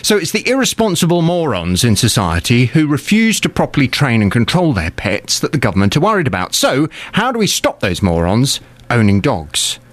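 A man's voice: mid-range voice, wildly swooping pitch, normal speed, fairly bright tone, no echo. A man presenting a radio phone-in, bantering on air from a studio microphone in a teasing, mock-indignant way.

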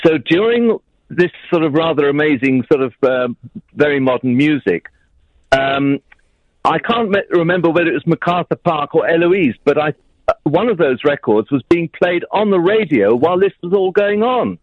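A man's voice: on the high side, animated, moderate pace, dry recording. A man calling in to a radio show to tell a story, speaking politely and hesitantly with many fillers. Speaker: caller. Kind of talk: phone-in storytelling. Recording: dull phone line.

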